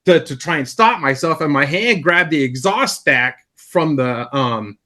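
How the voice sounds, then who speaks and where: Bright-voiced man telling a rambling story. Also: on the high side, expressive, measured pace. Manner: rambling anecdotes with restarts. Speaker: podcast co-host. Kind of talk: casual storytelling chat.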